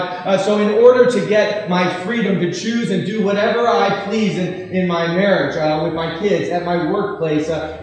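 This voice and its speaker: A man preaching a sermon as pastor, swinging between loud emphasis and hushed asides. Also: sits high. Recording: echoey hall reverb.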